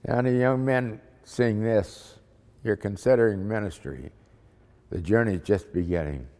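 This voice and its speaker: A man's voice: low voice, dark tone. Folksy missionary man in reverberant hall. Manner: folksy, dramatic storytelling. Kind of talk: storytelling testimony.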